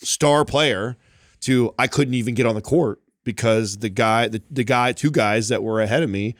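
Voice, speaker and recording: Casual male co-host, mid-pitch, lively storyteller, dry close mic. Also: normal speed, no echo. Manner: animated storytelling, frequent "like" and "bro". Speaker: podcast co-host. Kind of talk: casual chat.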